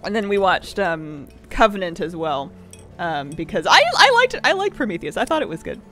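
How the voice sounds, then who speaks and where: A woman's voice: on the low side, big pitch swings, moderate pace, pushed and bright, soft background music. A young woman streamer chatting casually with viewers, telling rambling stories with laughs.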